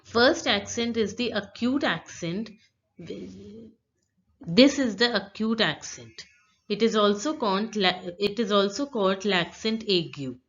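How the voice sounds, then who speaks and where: A woman teaching pronunciation, slowly and patiently repeating words for beginners. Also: mid-range voice, a bit bright, highs cut off. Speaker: French teacher. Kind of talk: slow explanatory lesson.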